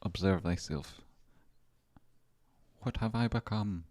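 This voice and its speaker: Deep-voiced Scottish man rambling playfully. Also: slow pace, a little mellow, no echo. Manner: playful, talks to himself, swears freely. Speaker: market analysis host. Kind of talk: casual rambling market commentary.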